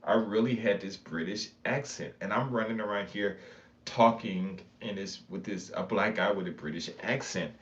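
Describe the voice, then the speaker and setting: A man's voice: fairly low pitch, moderate pace. A middle-aged man from Michigan telling a casual, rambling story to camera, full of fillers and laughs. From Michigan, USA. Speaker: vlogger. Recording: slightly dull lo-fi sound, faint background noise.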